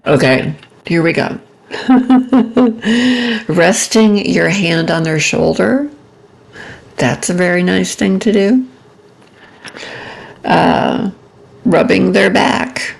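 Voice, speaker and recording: A woman with a low, heavily gravelly voice speaks to camera at a very slow, unhurried pace. She gives relationship advice in a soft-spoken, reflective way and often pauses with little ums as she gathers her thoughts. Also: animated. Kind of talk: reflective personal talk to camera.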